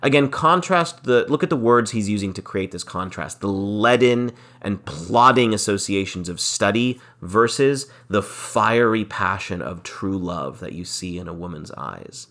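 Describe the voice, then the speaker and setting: A man with a fairly low voice lectures on a classic play. He reads a passage, then unpacks it line by line, circling back to key phrases so they stick. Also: lively intonation, a little slow, hardly any pauses, fairly bright tone. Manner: explanatory, repeats key phrases for emphasis. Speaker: lecturer on literature. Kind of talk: literary lecture, reading passages aloud and explaining them.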